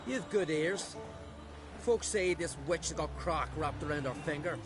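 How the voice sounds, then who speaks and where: A man's voice: a little high, measured pace, close to an everyday voice. A man voicing a rude, mocking sailor in a video game, with coarse, scornful talk over music. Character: gruff male island sailor, rude and mocking.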